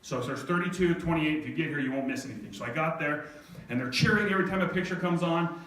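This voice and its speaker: A middle-aged man telling a personal story to an audience, animated and self-mocking, often laughing. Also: fairly high pitch, quick pace. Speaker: speaker at a live event. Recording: echoey hall from far off, faint noise.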